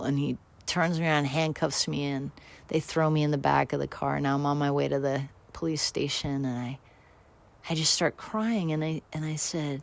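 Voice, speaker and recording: A woman's voice: low-pitched, fairly even intonation, normal speed, gravelly. A woman hosting a radio show, telling a personal story in a rambling, candid, self-deprecating way with many restarts.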